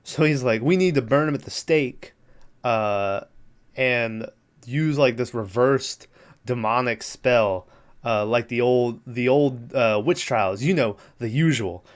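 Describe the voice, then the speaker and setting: Casual podcast host, male, smooth clear voice, rambles and swears, laughs a lot. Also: mid-range voice, slow pace. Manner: laughing, profane, rambling with many fillers. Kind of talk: casual movie recap.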